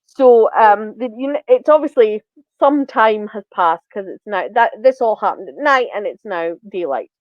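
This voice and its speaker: A woman's voice: mid-range voice, lively intonation, moderate pace, dry recording, highs cut off. A woman podcast co-host recapping a TV episode in casual chat, retelling scenes with many ums and acting out the lines.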